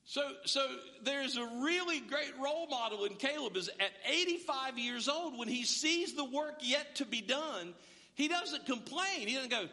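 A man's voice: very high-pitched, expressive, unhurried, bright, forceful tone. A man preaching a sermon, chatty and quizzing the congregation with questions. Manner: conversational, rhetorical questions to the room. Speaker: pastor. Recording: long hall reverb.

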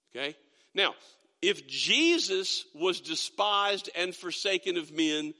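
A middle-aged man preaching a sermon, reading scripture slowly and emphatically, stumbling over restarts. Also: high-pitched, pushed and bright, big-room sound. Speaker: pastor. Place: church sanctuary.

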